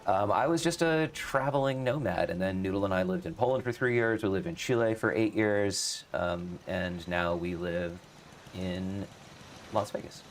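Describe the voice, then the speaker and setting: A man's voice: low-pitched, normal speed, slight background noise. An American man co-hosting a game livestream, chatting casually with playful, joking banter. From United States.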